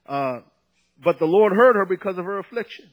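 High-voiced man preaching a sermon. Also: lively intonation, highs cut off. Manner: conversational, rising to emphatic, drawn-out phrases.

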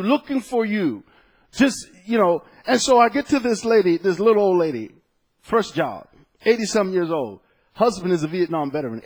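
A man preaching a sermon as pastor, telling a personal story, swinging between loud exclaiming and soft, hushed storytelling. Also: sits high.

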